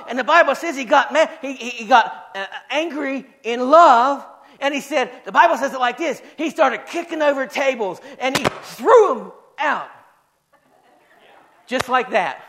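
A man with a notably high voice delivers a sermon from the pulpit. He climbs to loud, shouted peaks, then falls back into soft, self-mocking asides to the congregation. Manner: animated preaching, shouted peaks and quiet joking asides. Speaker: pastor.

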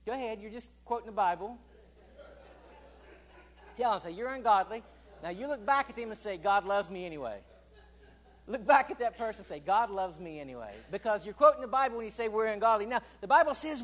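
A man preaching a sermon to a congregation, asking them questions and getting them to answer back, swinging between loud emphatic declarations and quiet, low asides. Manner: asks the congregation questions and calls for responses.

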